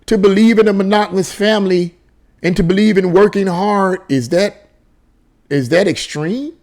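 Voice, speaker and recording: A man's voice: high voice, moderate pace, a little mellow. A man reading a news article aloud and breaking off into sarcastic commentary, often restarting and repeating words. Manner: reads aloud, then breaks off into sarcastic, repetitive asides; frequent restarts and stammered repeats.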